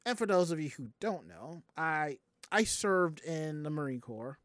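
Animated storyteller from the American South. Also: mid-range voice, a little slow, no room sound, clean studio sound. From Southern United States. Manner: animated, profane, acts out the people in the story. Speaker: streamer telling a story to chat. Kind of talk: casual storytelling.

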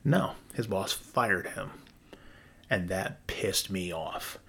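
Man, low voice, casual storytelling, blunt and swearing a lot, animated. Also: takes it slowly, creaky, husky. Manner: profane, blunt, animated retelling. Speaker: property investor.

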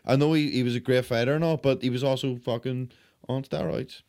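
A man's voice: mid-range voice, steady tone, fairly quick, darkish tone. A man co-hosting a casual podcast, blunt and sweary, often starting with hesitations. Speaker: podcast co-host. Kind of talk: casual chat.

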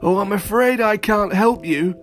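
A man voicing a sheepish, apologetic old wizard in a storybook reading, speaking gently and a little raised in pitch. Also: measured pace, soft background music.

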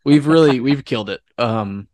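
A man's voice: mid-range voice, moderate pace, darkish tone, no room sound. A young man co-hosting a casual sports podcast, talking in an upbeat, joking way. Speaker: podcast co-host. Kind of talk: casual chat.

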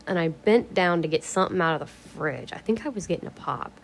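A woman's voice: fairly low pitch, animated, a little fast, vocal fry, slight background noise. A woman vlogging at home in a casual, rambling way, swearing freely, laughing often and drifting into whispers.

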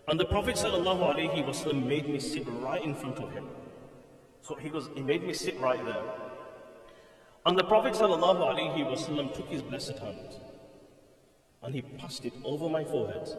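A man's voice: on the high side, animated, a little fast. A man, a mufti giving a storytelling lecture in a mosque, who chants the call to prayer melodically. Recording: echoey hall, voice from far off.

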